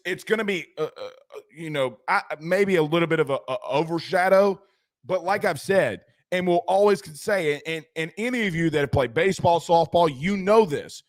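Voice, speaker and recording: A man hosting a postgame sports show, talking emphatically, repeating points and restarting sentences. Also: sits high. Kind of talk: postgame analysis chat.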